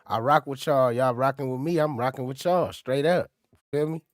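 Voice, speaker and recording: A man's voice: medium pitch, normal speed, music in the background. Man hosting a casual reaction livestream. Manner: conversational, addresses chat directly. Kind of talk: casual live-stream commentary.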